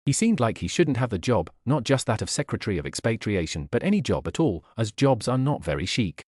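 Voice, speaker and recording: A man narrating a novel aloud in a scripted, animated reading style. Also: mid-range voice, a little fast, breathy edge, no room sound, studio quality. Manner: lively, animated reading with voiced characters. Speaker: audiobook narrator.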